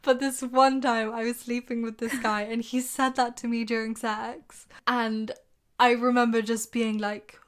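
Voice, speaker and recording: A woman's voice: fairly high pitch, little pitch movement, a little slow. A woman co-hosting a podcast in casual chat, telling stories playfully and laughing often. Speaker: podcast co-host.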